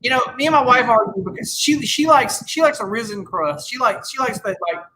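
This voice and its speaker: A man's voice: extremely high pitch, lively intonation, fairly quick, bright, forceful tone, low-quality recording. A man in his thirties chatting casually on a podcast, rambling with lots of restarts and swearing freely. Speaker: podcast host. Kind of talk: casual chat.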